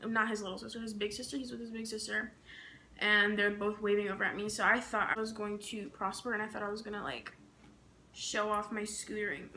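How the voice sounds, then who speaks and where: A young woman chats on camera with a bright, forward voice, spinning stories in a quick, slangy, animated way and acting out what people said. A faint hiss sits under her voice. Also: a little high. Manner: animated, slangy, acts out quotes. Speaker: beauty vlogger. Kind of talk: casual storytelling while carving a pumpkin.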